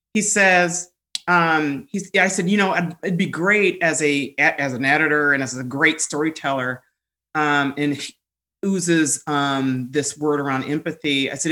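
Bright-voiced woman telling stories animatedly. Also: deep voice. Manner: animated, laughs often, many fillers and restarts. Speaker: guest. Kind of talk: candid conversational storytelling.

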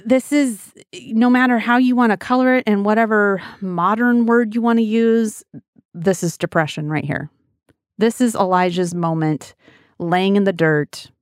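Middle-aged woman, devotional Bible teacher, earnest and chatty, mid-pitched voice, dry close recording. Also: steady tone, unhurried, clear, resonant tone, no echo. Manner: earnest, conversational, addresses listeners as guys.

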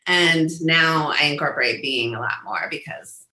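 A woman guest speaking in a casual interview, animated and acting out quoted lines in a high voice. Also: normal speed, echoey room. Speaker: guest, business coach.

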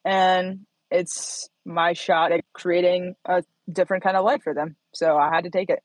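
A woman in her thirties from Indiana, a startup founder telling her story as an interview guest, animated and laughing often as she acts out quotes. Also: fairly low pitch, moderate pace, no echo, poor audio.

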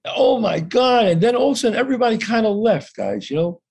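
A man's voice: high-pitched, wildly swooping pitch, rapid-fire, creaky, a little mellow, slightly rough. A man telling a story as an interview guest, acting out the dialogue and swearing casually.

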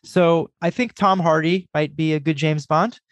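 A man's voice: fairly high pitch, normal speed, dry recording. A man co-hosting a podcast, chatting casually and joking with enthusiasm. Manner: lively, jokey, enthusiastic. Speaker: podcast co-host.

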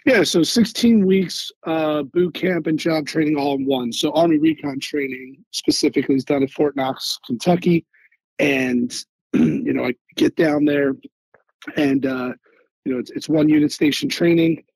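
A man from Philadelphia, an Army veteran and guest on an interview show, telling stories in an animated way and often repeating words as he searches for them. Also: a little high, normal speed, gravelly, slightly rough, no room sound, low-quality recording. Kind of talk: casual interview storytelling.

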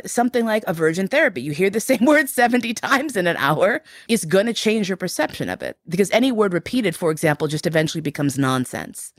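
A woman telling personal stories as an interview guest, reflective and frank, growing animated as she retells events. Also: low-pitched, no echo, studio quality. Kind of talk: candid personal storytelling.

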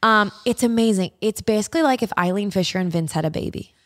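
A woman's voice: medium pitch, fast talker. A woman in her thirties chatting casually as a podcast host, telling stories with lots of fillers and swearing. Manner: animated storytelling, swears, filler-heavy. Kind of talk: casual chat.

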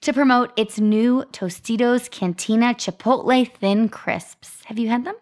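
A woman's voice: a little high, unhurried. A young woman co-hosting a chatty podcast, telling an upbeat story and reading out marketing details. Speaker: podcast co-host. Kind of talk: casual chat.

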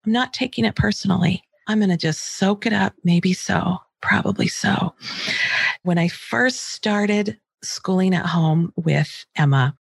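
Calm middle-aged woman coaching parents. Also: mid-range voice, a little slow, creaky, slightly rough, no echo, clean studio sound. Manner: calm, gentle, acts out example dialogue. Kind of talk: teaching talk to parents.

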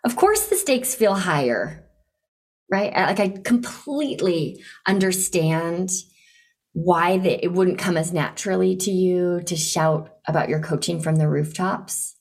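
A woman coaching a client in conversation, encouraging and animated, acting out eager invitations to make her point. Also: lowish voice, a little slow. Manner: encouraging, animated, role-plays enthusiastic invitations. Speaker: business coach hosting a coaching session.

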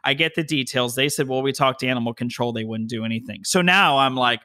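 Animated man telling a heated story. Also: medium pitch. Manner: animated, heated retelling with quick bursts. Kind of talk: conversational storytelling. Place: home office.

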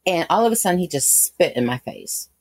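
Low-voiced woman telling a candid story. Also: sing-song, fairly quick, no echo. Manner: candid, rambling storytelling with many fillers. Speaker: guest. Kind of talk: personal story interview.

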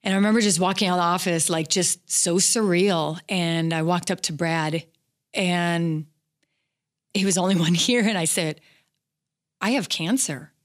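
A middle-aged woman with a somewhat low voice tells her story as an interview guest. She speaks candidly and haltingly, with many pauses and fillers. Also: fairly even intonation.

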